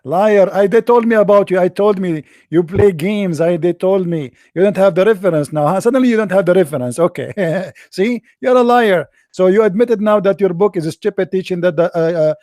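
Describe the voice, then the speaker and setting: A man voicing an excited, mocking male debate opponent who shouts, scoffs and laughs. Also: high-pitched, moderate pace, hardly any pauses, no echo, clean studio sound, close to an everyday voice. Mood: scornful, jeering.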